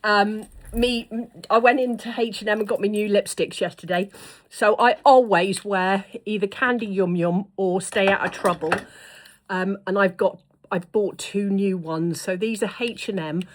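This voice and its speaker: A woman's voice: mid-range voice, moderate pace. A middle-aged woman, chatting to camera in an effusive way as a vlogger. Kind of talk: casual chat to camera.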